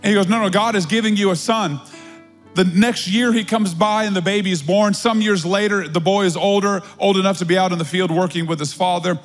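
A man preaching a Mother's Day sermon as pastor, with drawn-out, emphatic repetition. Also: high voice, steady tone. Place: large church hall. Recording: live sermon with long hall reverb and faint music.

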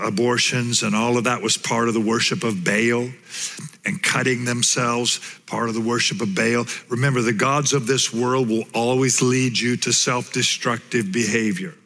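In a large hall, a male pastor with a mid-range voice preaches a sermon, telling a Bible story with lots of animation. He puts on playful voices for the different characters.

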